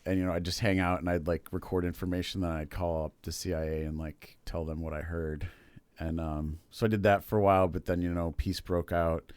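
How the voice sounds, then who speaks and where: A man's voice: sits low, little pitch movement, a little fast, a little mellow, smooth, dry recording, close to an everyday voice. A man voicing a weary, chatty male talking cat in a joke, rambling with lots of fillers.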